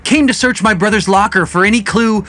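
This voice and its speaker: A woman voicing an earnest teenage boy, a reformed high school bully, in an animated story. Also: brisk, faint music behind, close to an everyday voice.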